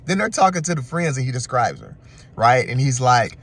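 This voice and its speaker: A man giving a casual, animated and slangy recap of a reality show. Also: medium pitch, brisk. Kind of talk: casual commentary.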